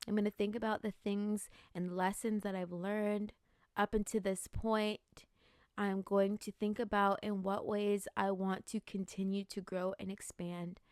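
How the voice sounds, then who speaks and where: A woman's voice: mid-range voice, flat delivery, unhurried, no echo, studio quality. A woman in her late twenties hosting a podcast, talking in an earnest, musing way about growth and intentions, with many "like"s. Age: 20s. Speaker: podcast host. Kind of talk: reflective spiritual talk.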